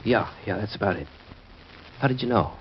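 A man's voice: fairly low pitch, animated, brisk, a little hiss or hum, close to an everyday voice. An actor playing a blunt, proud working-class man who talks in slangy, tough street talk, in 1940s radio acting style. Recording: dull lo-fi old radio recording.

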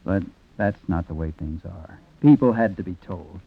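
An actor narrating a 1940s radio drama as a reflective man, quiet and rueful. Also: low voice, moderate pace, breathy edge. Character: reflective man telling a sad story. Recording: tinny old radio recording with music.

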